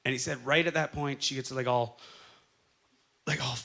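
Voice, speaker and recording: A Canadian man in his thirties performing a stand-up set, telling stories with quick acted-out quotes on a club stage. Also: mid-range voice, steady tone, vocal fry, bright, forceful tone. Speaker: stand-up comedian. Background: faint audience laughter.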